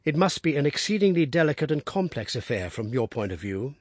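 A man voicing a worried, tender middle-aged father in an audiobook, low and earnest. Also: sing-song, a little fast, slightly rough, no echo, clean studio sound. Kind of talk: audiobook character reading.

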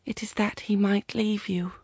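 Woman doing a spirit voice, otherworldly, slow, hushed, breathy, dry close sound. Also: mid-range voice, flat delivery, no room sound. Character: disembodied spirit voice at a forest shrine.

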